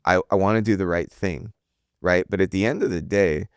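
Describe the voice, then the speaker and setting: A man with a very deep, low voice speaking on a podcast. He sounds earnest and driven and keeps tagging his points with quick check-ins. The sound is dry and close, with no room echo. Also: clear, resonant tone. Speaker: podcast co-host. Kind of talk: casual podcast chat.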